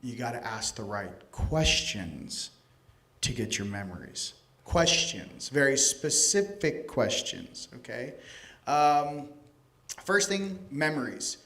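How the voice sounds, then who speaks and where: A man giving a casual, joking lecture to a live conference audience, animated and profane, addressing people directly. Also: mid-range voice, slow pace. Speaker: conference speaker. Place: conference hall stage.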